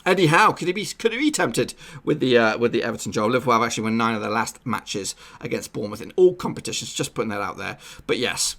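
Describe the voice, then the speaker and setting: Bright, upbeat football vlogger man. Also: mid-range voice, lively intonation, fast talker, vocal fry. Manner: upbeat, jokey, repeats catchphrases. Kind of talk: casual football prediction chat.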